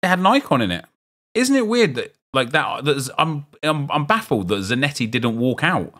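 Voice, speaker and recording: A man's voice: a little high, big pitch swings, normal speed, pushed and bright. A man with a South London accent giving casual, rambling commentary while opening packs in a football video game, joking with his chat. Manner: chatty, rambling, jokey asides to chat. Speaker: streamer.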